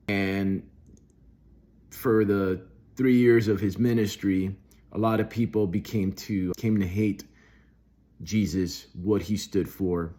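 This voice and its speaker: A middle-aged man speaking earnestly off the cuff in a devotional monologue, with restarts and bursts of rising emphasis. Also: on the low side. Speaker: Christian video host.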